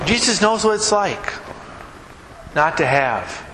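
A man's voice: sits high, sing-song, slow, sharp tone, slight background noise. A middle-aged man preaching a conversational sermon as a pastor, asking the congregation questions. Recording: echoey hall with long reverb.

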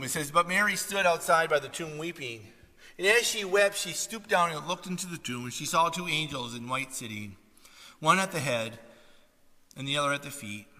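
A male pastor delivers an impassioned sermon in a high, piercingly bright voice. He swings from loud, lifted passages down to hushed near-whispers. His voice rings out with a long reverb, as in a church sanctuary.

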